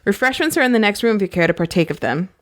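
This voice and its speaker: A woman reading a novel aloud, voicing a polite young male prince in a lowered, measured voice. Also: expressive, a bit bright, lightly acted. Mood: courteous.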